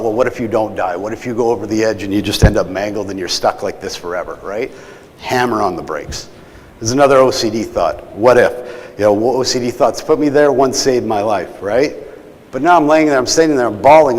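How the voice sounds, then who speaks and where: A middle-aged man candidly telling an emotional personal story to an audience, often checking in with "right?". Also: medium pitch. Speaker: keynote speaker. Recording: long hall reverb.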